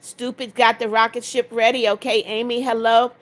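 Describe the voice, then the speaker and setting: A woman's voice: fairly high pitch, level tone, moderate pace. A woman hosting a livestream, reading viewer comments aloud, answering them directly and praying over requests. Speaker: livestream host.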